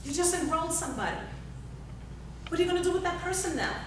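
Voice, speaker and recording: A woman's voice: very high voice, expressive, fast talker, slight background noise. A woman giving a motivational workshop talk, urging her audience with repeated calls and questions, recorded in a large hall. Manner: exhorting, repetitive, asks the audience questions. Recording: echoey hall, speaker far from the recorder.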